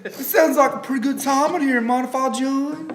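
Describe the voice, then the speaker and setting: A man's voice: very high voice, moderate pace, echoey room, noisy background, pitched above the performer's own voice. A man putting on a hammy mock Southern accent to play a folksy good ol' boy, drawling and jokey.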